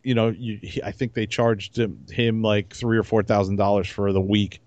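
A man co-hosting a casual podcast, relaxed and rambling, often restarting his sentences. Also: fairly low pitch, normal speed, no room sound, dull audio. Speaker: podcast co-host. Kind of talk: casual chat.

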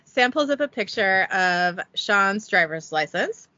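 A woman's voice: medium pitch, expressive, takes it slowly, bright, forceful tone, dry recording, dull audio. A woman hosting a podcast, casually reading a script recap aloud and joking about it in a giggly, self-deprecating way. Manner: giggly, self-deprecating, reads quotes with little voicing. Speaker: podcast host recapping an episode.

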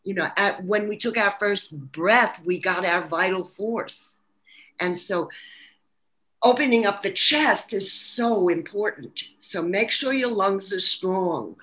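A woman's voice: mid-range voice, expressive, slow pace, pushed and bright. A woman from Brooklyn with a New York accent, talking earnestly about spirituality and health in a casual interview, with frequent restarts. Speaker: holistic practitioner guest.

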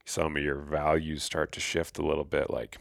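A man's voice: very deep voice, level tone, normal speed, creaky, no room sound, clean studio sound. A man co-hosting a podcast, chatting casually and loosely, with lots of filler words. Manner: laid-back, heavy use of "like". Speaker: podcast co-host.

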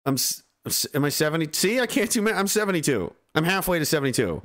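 Sarcastic ranting man with a lively voice. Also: a little high, fast talker. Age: 30s. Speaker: livestream host reading chat. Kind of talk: casual livestream chat.

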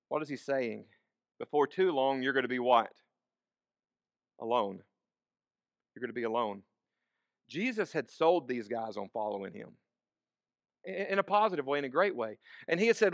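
A man's voice: mid-range voice, expressive, moderate pace, long pauses, no room sound. A man preaching a sermon, asking the congregation questions and repeating key phrases. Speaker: pastor.

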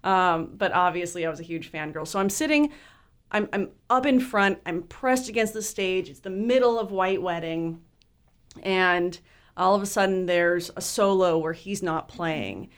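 A woman in her forties telling a story in casual chat, animated and laughing, jumping into squeaky voices for her younger self. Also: normal speed, smooth. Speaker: guest storyteller.

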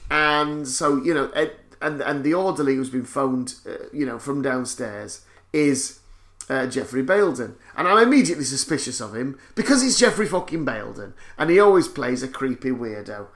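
A man's voice: medium pitch, animated, moderate pace. A man co-hosting a podcast, recapping a film in a wry, joking way. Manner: wry, joking, swears for comic effect. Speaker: podcast co-host. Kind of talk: casual chat recapping a film.

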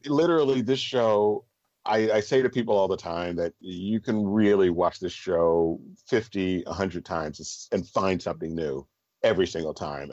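A middle-aged man, a stage performer and guest, telling stories in a relaxed interview, animated and often laughing. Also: low voice, no room sound. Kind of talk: casual storytelling in an interview. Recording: slightly dull, dry podcast audio.

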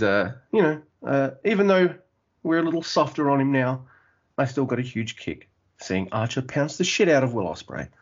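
A man's voice: medium pitch, slightly rough, highs cut off. A man co-hosting a podcast in casual, joking chat, swearing and laughing often. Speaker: podcast co-host.

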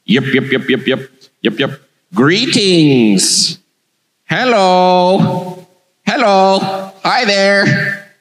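A man's voice: animated, a bit bright, heavily acted. A man doing a bumbling Martian. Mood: curious. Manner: low muttering, halting, repeats yip yip. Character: bumbling male Martian alien puzzling over a phone. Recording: long hall reverb.

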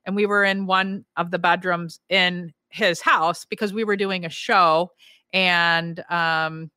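Woman podcast host, peppy coach, bright voice, dry close sound, animated storyteller. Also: fairly low pitch, slow, clean tone, dry recording. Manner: enthusiastic, laughs often, acts out quotes. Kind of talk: upbeat coaching talk.

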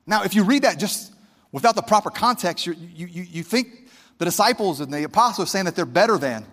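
A man's voice: sits high, lively intonation, a little fast, a bit bright, in a large hall. A male pastor preaching a fervent, conversational sermon straight to his congregation.

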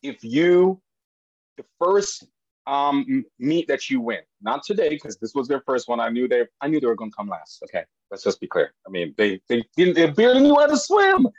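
A man who is a podcast guest, telling family stories in an animated way and jumping high in pitch when he quotes people. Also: moderate pace, dry recording, lo-fi sound. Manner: animated storyteller, voice jumps high for quoted lines. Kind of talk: storytelling in a podcast interview.

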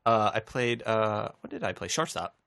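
Young male comedian guest, self-deprecating, expressive melody. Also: fairly low pitch, moderate pace, creaky. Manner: self-deprecating, laid-back. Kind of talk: casual comedy chat.

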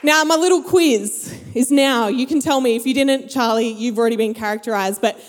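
This is a young woman, speaking high in her range. She tells a story to an audience in a large hall and acts out the people in it. Her voice carries a long reverb from the room. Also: brisk. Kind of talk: storytelling talk to a live audience.

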